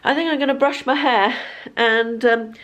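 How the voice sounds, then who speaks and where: A woman's voice: a little high, normal speed, fairly bright tone, highs cut off. A woman in her fifties chatting casually to her camera at home, rambling and self-deprecating as a lifestyle vlogger. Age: 50s. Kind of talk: casual vlog chat to camera. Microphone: handheld camera.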